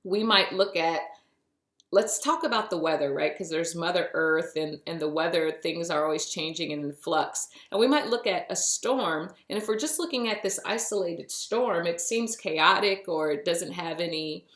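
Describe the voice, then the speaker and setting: A woman's voice: lowish voice, moderate pace, a bit bright. A woman hosting a spiritual podcast, talking in a chatty, playful way and tossing in pet names as she goes. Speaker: podcast host. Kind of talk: casual spiritual podcast monologue. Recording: roomy echo.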